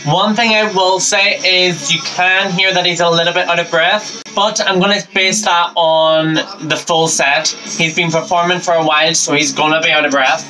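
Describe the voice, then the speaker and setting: An upbeat man with a fairly high voice hosts a reaction video. He talks over a live performance, giving eager running commentary. Loud concert music plays clearly behind his voice. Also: fairly even intonation, normal speed, hardly any pauses, poor audio. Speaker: reaction channel host.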